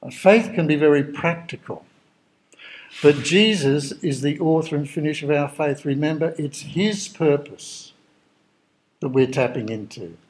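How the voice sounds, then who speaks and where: Male preacher, slightly high voice, tells stories from the pulpit and voices the people in them. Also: a little slow, a little mellow, rough recording. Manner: conversational storytelling, acting out dialogue. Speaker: pastor. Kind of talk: sermon.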